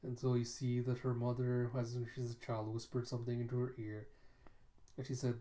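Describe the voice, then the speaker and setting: A man's voice: medium pitch, monotone, moderate pace, mellow. A man casually reading a comic book aloud, laid-back, swearing and laughing at the story as he goes. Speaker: comic book reader and video host.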